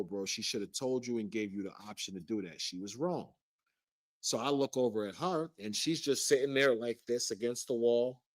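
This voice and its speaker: Man, earnest first-person storytelling, detailed, dry close sound, mid pitch. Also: no room sound. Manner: earnest, detailed recounting, acts out quoted lines. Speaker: guest recounting a personal story.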